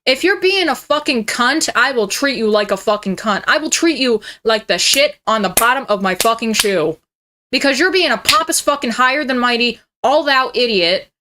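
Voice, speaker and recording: Bright-voiced ranting woman in her twenties. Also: fairly high pitch, expressive, moderate pace. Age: 20s. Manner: profane and heated, mocking. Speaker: streamer. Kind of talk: ranting reaction commentary.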